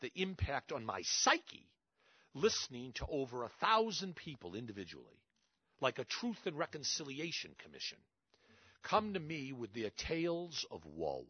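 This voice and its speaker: A man giving an emphatic storytelling talk, full of pauses and asides to the audience. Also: mid-range voice, huge pitch swings, husky, dry recording, dull audio. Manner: emphatic, dramatic pauses, repeats "you see". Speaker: public speaker.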